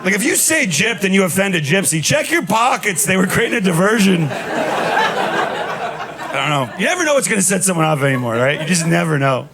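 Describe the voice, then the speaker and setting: A man in his thirties doing a stand-up comedy set on a club stage, telling stories in a deadpan way with punchy asides. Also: high voice, normal speed, a crowd in the background. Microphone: handheld stage mic. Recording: live club recording with noise. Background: audience laughter.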